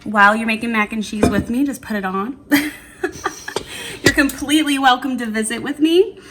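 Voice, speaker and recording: A woman's voice: on the high side, fairly even intonation, moderate pace, background noise. A woman vlogging a cook-along in her home kitchen, chatty and giggly, rambling with fillers as she talks to the camera. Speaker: cooking vlogger. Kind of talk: casual cook-along chat. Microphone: camera on a tripod.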